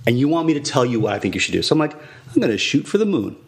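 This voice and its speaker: A man's voice: medium pitch, rapid-fire. A man co-hosting a podcast, telling a comic story about a customer service chat and acting out both sides of the exchange. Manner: animated, acts out both sides of a conversation. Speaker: podcast co-host.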